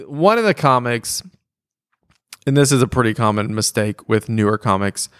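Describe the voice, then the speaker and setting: A man and comedy co-host casually telling an animated story from a club night, acting out the people in it. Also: medium pitch, normal speed, clear, resonant tone. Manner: animated storyteller, acts out quoted voices. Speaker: stand-up comedian and podcast co-host.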